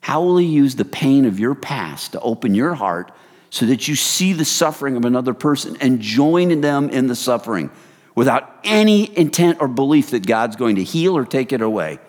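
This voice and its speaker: A man preaching a sermon in a casual, animated way, swinging from hushed lines to loud excited bursts. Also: mid-range voice, normal speed, in a large hall. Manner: casual, addresses the crowd as "you guys".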